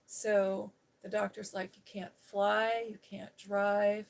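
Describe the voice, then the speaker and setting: A woman's voice: mid-range voice, flat delivery, takes it slowly, creaky. A woman sits and talks straight to her viewers on a live stream, winding through a long personal story. She keeps jumping between asides, and she slips into the voices of the people she quotes. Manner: rambling, storytelling, quoting others with changes of tone. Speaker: ASMR channel host. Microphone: seated on a day bed, live stream.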